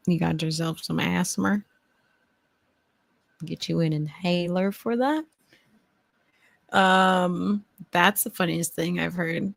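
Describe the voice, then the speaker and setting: A woman hosts a loose, chatty stream. She talks slowly in a low, gravelly voice, playful and quick to laugh, with casual swearing. The sound is dry and close on a standing mic. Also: no echo. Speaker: host. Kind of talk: casual live-stream chat.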